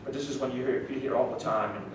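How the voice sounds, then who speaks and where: A man's voice: medium pitch, steady tone, quick pace. Rambling New Orleans man in an echoey room. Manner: rambling, chuckling, stops and restarts. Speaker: author. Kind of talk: casual talk to a small audience. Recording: echoey room miked from a distance, noise.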